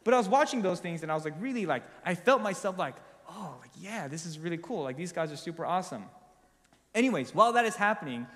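A man's voice: fairly high pitch, a bit bright, big-room sound. A young man preaching, telling a personal story in a casual, confessional way with lots of filler words.

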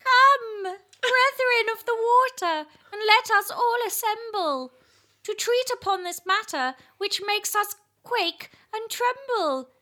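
A male eel declaims an old protest poem about losing his home waters, as a woman puts him on. The delivery is theatrical and sing-song, with a lively, swooping pitch. The tone is bright. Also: slow pace, exaggerated voice. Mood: quavering. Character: Edwin, a male lamprey eel lamenting his drained fens. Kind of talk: dramatic poem recitation.

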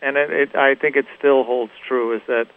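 Male musician guest, thoughtful and halting, mid pitch, thin phone-band radio audio. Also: steady tone. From Los Angeles. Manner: halting, many restarts and "you know". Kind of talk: reflective interview talk. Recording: tinny phone-like radio recording.

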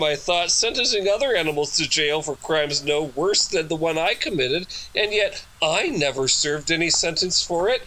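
A man's voice: high-pitched, pushed and bright, heavily acted, rough recording. A man doing a pompous animal judge. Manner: grand, declaiming. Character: pompous male animal judge, self-righteous orator.

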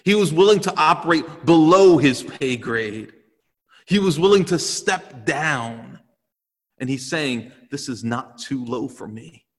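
A man's voice: medium pitch, expressive, a little slow. Pastor guy preaching earnest and emphatic, lots of repeating, long hall echo. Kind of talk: sermon.

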